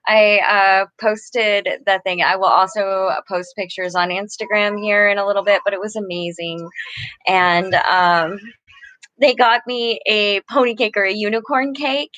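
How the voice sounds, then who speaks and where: Middle-aged woman, livestream host; earnest and effusive, mid pitch, dry close mic. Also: fairly even intonation, measured pace, a bit bright, no room sound. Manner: earnest, gushing, rambling with restarts. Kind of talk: casual live chat with viewers.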